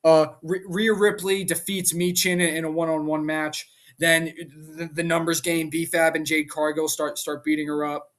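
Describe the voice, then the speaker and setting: A man reviewing a wrestling show in a casual vlog, ranting in an animated, exasperated way and firing off rhetorical questions. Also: fairly high pitch, moderate pace, hardly any pauses.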